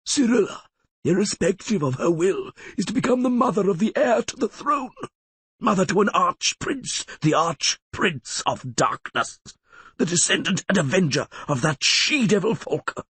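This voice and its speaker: A man's voice: high-pitched, expressive, moderate pace, fairly bright tone, breathy edge, no room sound, full character voice. A man voicing a cunning, sickly male lawyer who sneers with cynical scorn, in an audiobook. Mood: scornful.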